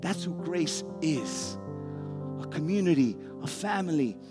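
Earnest male pastor preaching over soft guitar. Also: on the high side, lively intonation, a little slow. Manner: earnest, conversational preaching that addresses the congregation directly. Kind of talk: sermon. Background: soft guitar music.

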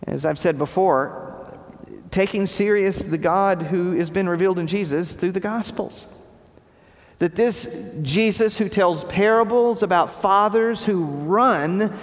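A man preaching a sermon with emphatic, repeated phrases, his voice dropping low at the ends of lines. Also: unhurried. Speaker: pastor. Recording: long reverb of a large hall.

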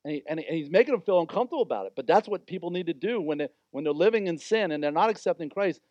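Male pastor, casual emphatic sermon, fairly high voice, dry lo-fi sound. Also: lively intonation, racing, darkish tone, dry recording. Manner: informal, conversational and emphatic.

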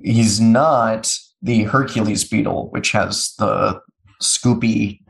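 A man's voice: on the low side, slow pace, creaky. A man co-hosting a casual podcast chat, rambling and joking as he describes a show character. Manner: rambling, self-interrupting, jokey. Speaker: podcast co-host.

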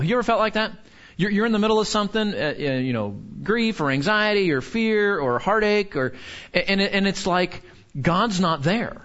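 A man's voice: high voice, fairly bright tone. A man, a pastor, teaching from the Bible in an earnest, conversational way that is full of restarts. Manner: earnest, frequent restarts and filler words. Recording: slightly dull lo-fi sound.

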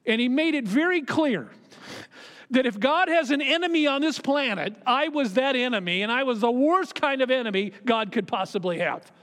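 A middle-aged man, a pastor, preaching a sermon and telling a personal story, moving between quiet asides and emphatic raised lines. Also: very high-pitched, expressive, normal speed. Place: church sanctuary. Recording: long hall reverb of a church.

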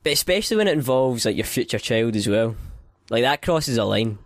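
A man co-hosting a podcast in casual chat, reacting quickly and profanely. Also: mid-range voice, animated, no room sound, clean studio sound. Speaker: podcast co-host.

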